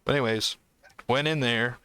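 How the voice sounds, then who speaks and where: A man's voice: medium pitch, normal speed, bright, forceful tone, clean tone. A man co-hosting a podcast, telling a long story in a rambling way, with lots of fillers and acted-out quotes. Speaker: podcast co-host. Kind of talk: casual storytelling chat.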